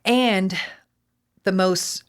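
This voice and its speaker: A woman's voice: mid-range voice, very slow, clear, resonant tone. A woman from Texas with a Texan accent, talking casually as a podcast host, chatty and full of fillers with casual swearing. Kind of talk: casual chat.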